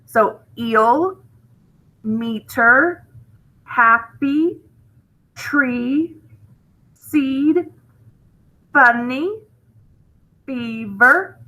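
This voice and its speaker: Chatty high-voiced teacher woman. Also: sharp tone, poor audio. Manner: chatty, encouraging, repeats "okay?" to check in. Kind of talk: recorded phonics lesson.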